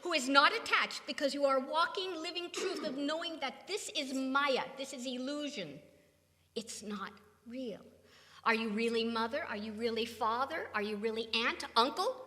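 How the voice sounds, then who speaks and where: A woman's voice: sits high, moderate pace, sharp tone. An older woman from California, giving an emphatic spiritual talk full of rhetorical questions, in a reverberant hall. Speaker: spiritual teacher. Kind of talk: satsang talk.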